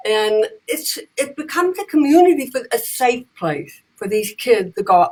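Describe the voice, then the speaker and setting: A woman telling lively stories in casual conversation, acting out the voices of the people in them. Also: on the high side, measured pace, few pauses, rough recording. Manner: animated, acts out voices in her stories. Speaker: guest, comedian and advocate. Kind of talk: conversational storytelling.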